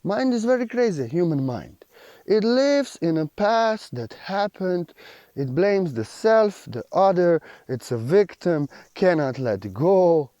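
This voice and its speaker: A man's voice: a little high, sing-song, slow pace, warm tone, dry recording. A man giving a spiritual teaching monologue, earnest and repetitive, with slightly unidiomatic phrasing.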